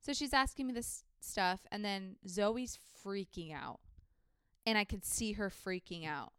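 A woman's voice: medium pitch, unhurried, a bit bright, clear, resonant tone, dry recording, studio quality. A young woman co-hosting a podcast, telling a story in a chatty way, full of "like", acting out the people she quotes. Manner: chatty, heavy use of "like", acts out quoted people. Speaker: podcast co-host. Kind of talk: casual storytelling chat.

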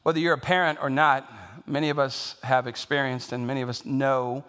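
Joking middle-aged pastor in echoey hall. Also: male voice, medium pitch, level tone, a bit bright, smooth. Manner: self-deprecating, joking, halting with fillers. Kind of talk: sermon.

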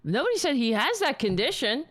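A woman's voice: sits high, big pitch swings, fairly quick, fairly bright tone, dry recording. A woman hosting a show and delivering political commentary in a profane, sarcastic and indignant way. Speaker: show host.

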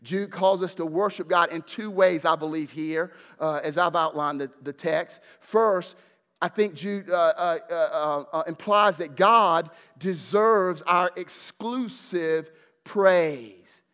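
A man preaching a sermon as pastor, fervent at his peaks and hushed at his close, repeating words as he builds emphasis. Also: fairly high pitch, slow pace, clean tone. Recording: long hall reverb.

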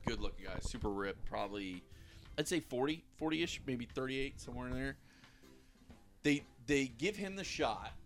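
A man casually telling a long, profane story to friends, laughing and acting out the people in it. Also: medium pitch. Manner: animated, profane, laughing storyteller who acts out quotes. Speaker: podcast co-host telling a story.

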